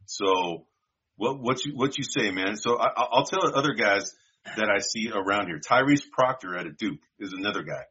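On a dull-sounding lo-fi podcast, a male co-host with a lowish, husky voice chats casually about draft picks at a moderate pace. His tone is bright, forceful and animated as he rambles loosely, calling his partner bro and dude.

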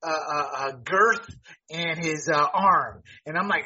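A man's voice: high-pitched, lively intonation, normal speed, bright, forceful tone. A man hosting a casual sports talk show, blunt and joking. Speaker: podcast host. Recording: dull lo-fi audio.

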